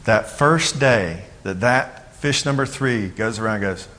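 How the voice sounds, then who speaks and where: A man giving a sermon as pastor, talking in a loose, conversational way with jokes and quick acted-out voices of other people. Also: on the low side, pushed and bright.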